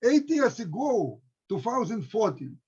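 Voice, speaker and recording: Halting, husky Ukrainian man. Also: sits high, very animated, a little mellow. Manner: halting non-native English, emotional, many restarts. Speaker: historian, center director. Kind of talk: discussion with students. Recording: dull lo-fi recording.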